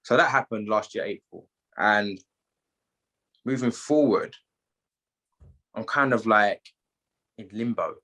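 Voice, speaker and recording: A British man with a London accent tells a personal story as a podcast guest, animated and full of street slang. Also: on the low side, takes it slowly, pauses often. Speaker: guest, gym owner.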